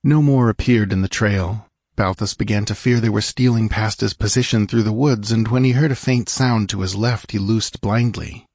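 A man narrating an action-filled fiction story, measured and dramatic, slowing for grim moments and lifting for the fighting. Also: fairly low pitch, a little mellow, no room sound, studio quality. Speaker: audiobook narrator.

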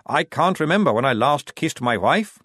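A man's voice: fairly high pitch, very animated, normal speed, fairly bright tone, dry recording, studio quality, voice pushed up. A man voicing hapless male guards who speak in a sheepish, wheedling way.

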